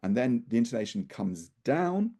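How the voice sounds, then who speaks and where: A man's voice: medium pitch, very animated, moderate pace, dark tone. A man working as a speaking coach, explaining ideas thoughtfully, restarting phrases and leaning hard on stressed syllables. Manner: leans heavily on stressed syllables for emphasis. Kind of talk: conversational explanation.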